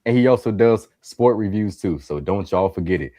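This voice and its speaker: A man's voice: on the low side, animated, moderate pace, warm tone. A man with a Chicago accent introducing guests on a casual podcast, easygoing and playful, often repeating himself. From Chicago, USA. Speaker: co-host.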